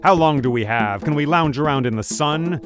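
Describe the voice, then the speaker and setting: A man's voice: a little high, moderate pace, music in the background, natural voice. A man playing an indignant deathless sorcerer king.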